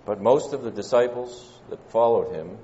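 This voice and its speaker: Low-voiced Southern preacher in reverberant hall. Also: male voice, dark tone, a little hiss or hum. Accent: Southern American. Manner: measured, pausing delivery with frequent "uh" fillers. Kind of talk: sermon. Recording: dull lo-fi church recording with long reverb.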